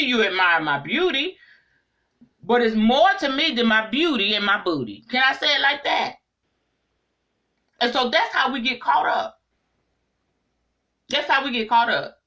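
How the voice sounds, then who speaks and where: A middle-aged woman talks straight to her viewers in a casual, preachy spiritual monologue. Her voice is high-set and bright, and her pitch swings widely as she drives her points home. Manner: animated, preachy, speaks straight to the audience. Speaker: online inspirational speaker.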